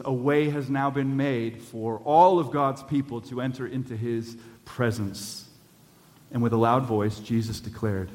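A man's voice: mid-range voice, darkish tone, in a large hall. A male pastor preaching a sermon in a church, earnest and building to urgent appeals.

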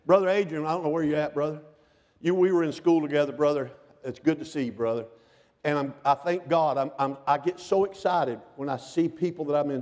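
A middle-aged man preaching a sermon in a church, swinging between shouted lines and hushed, almost whispered passages. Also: fairly high pitch. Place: church sanctuary. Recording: long hall reverb.

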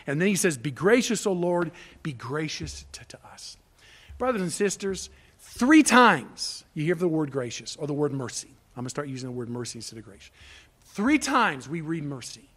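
A pastor preaches emphatically in a slightly high, expressive voice at a moderate pace. He swings between loud declarations and hushed asides, posing rhetorical questions and answering them himself.

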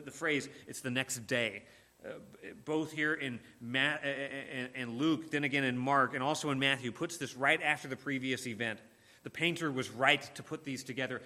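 Forceful, bright-voiced male preacher. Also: a little high. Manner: earnest, emphatic, with frequent repeated words and restarts. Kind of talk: sermon.

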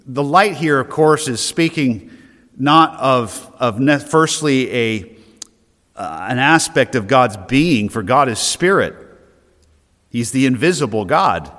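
A man's voice: mid-range voice, expressive, slow pace, fairly bright tone, big-room sound. A man preaching an earnest, emphatic sermon as pastor, often restarting his phrases.

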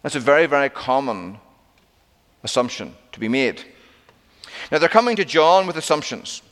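A man preaching a sermon, telling the story with lively acted-out quotes and plain explanation. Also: mid-range voice, normal speed, in a large hall.

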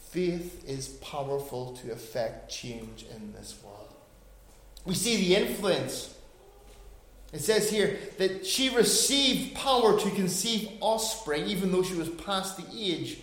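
A pastor in his forties delivers a sermon in a high voice. He drops to a hush and then builds to loud, emphatic peaks. The recording is roomy, with a noticeable echo. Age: 40s. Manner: dynamic preaching, swings from hushed to loud and emphatic.

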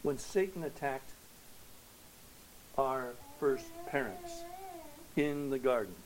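A man preaching a sermon to his congregation, earnest and emphatic, dropping to hushed tones and swelling to loud declarations, posing rhetorical questions. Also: mid-range voice, wildly swooping pitch, slow, slight background noise, rough recording. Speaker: pastor.

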